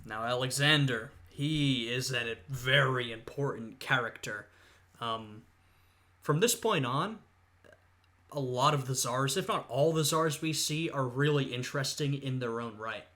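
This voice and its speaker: A young man with a bright, forward voice talks through a history video in a relaxed reaction style. He thinks aloud, filling the gaps with "uh" and "you know" as he explains. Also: mid-range voice, measured pace. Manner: thoughtful, lots of "uh" and "you know". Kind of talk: casual reaction commentary.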